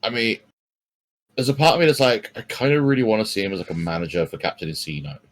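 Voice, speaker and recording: A man's voice: on the low side, fast, rough recording. A man as a guest on a casual podcast chat, playfully riffing on jokes. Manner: playful, riffs on jokes with a laugh.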